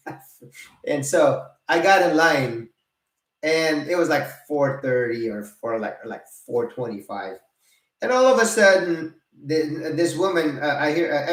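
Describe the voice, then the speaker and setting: A retired man in his fifties telling a casual, animated story, laughing, cursing and acting out both sides of an argument. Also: mid-range voice. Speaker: retired vlogger. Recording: roomy, mic set at a distance.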